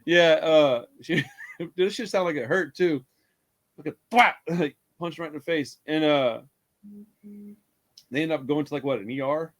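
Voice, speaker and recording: Unhurried and given to long pauses, a man with a slightly high voice walks through a horror film as a podcast co-host. His telling is loose and rambling, full of laughter and free swearing.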